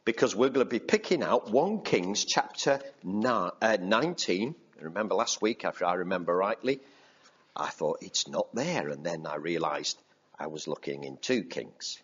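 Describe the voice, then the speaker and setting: A man's voice: sits low, animated, moderate pace, fairly bright tone, slightly rough, dull audio. A man preaching a sermon, reading scripture aloud and repeating key phrases for emphasis in a conversational way.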